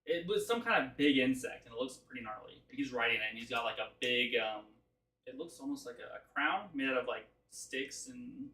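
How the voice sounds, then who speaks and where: A man's voice: mid-range voice, big pitch swings, fairly quick, sharp tone, far from the mic. Man, game master, loose rambling narration, echoey room. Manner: loose, filler-heavy description. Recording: roomy, from off-mic.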